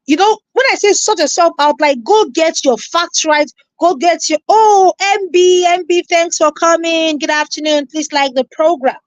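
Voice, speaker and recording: Nigerian woman, live-stream reactor, very high, animated and scolding, dry mic. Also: normal speed, few pauses, no room sound. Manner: animated, scolding, repeats herself, greets viewers.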